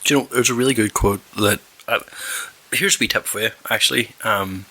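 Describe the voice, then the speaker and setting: A man's voice: fairly low pitch, brisk, pushed and bright, rough recording. A man hosting a solo podcast, rambling bluntly with lots of swearing and asides while having a drink. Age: adult with a daughter. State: drinking alcohol while talking. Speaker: podcast host.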